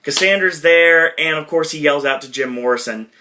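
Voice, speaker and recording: A man hosting a podcast, casually retelling a movie in a rambling way, with lots of fillers and quick impressions. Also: a little high, bright, forceful tone, slight background noise. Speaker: podcast host.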